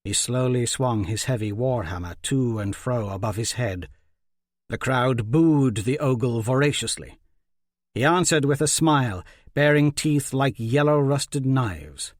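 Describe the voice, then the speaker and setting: Man reading a fantasy audiobook, mid pitch, dry close sound, steady and dramatic. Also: dry recording. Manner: measured, dramatic storytelling. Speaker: audiobook narrator. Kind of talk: scripted narration.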